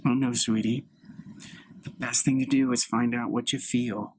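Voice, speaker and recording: A man improvising a gentle middle-aged mother who questions her daughter like a therapist. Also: medium pitch, flat delivery, normal speed, slight background noise, lightly acted. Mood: soothing. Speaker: improv performer. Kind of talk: solo improv scene.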